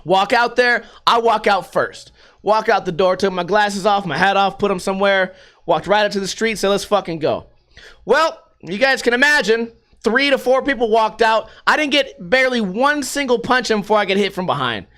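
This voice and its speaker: A man's voice: high-pitched, moderate pace, fairly bright tone. A middle-aged man telling a rambling, profane story in a casual vlog. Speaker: vlogger.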